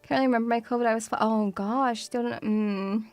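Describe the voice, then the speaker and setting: A woman's voice: a little high, fairly even intonation, brisk, a little mellow, faint music behind. A woman streamer chatting casually and playfully with her viewers. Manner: playful, bubbly, teasing. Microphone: studio mic through audio mixer.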